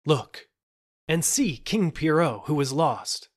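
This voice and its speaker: A man reading a fairy tale, voicing a clever young squire who speaks with calm, teasing confidence. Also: mid-range voice, moderate pace, natural voice. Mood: proclaiming.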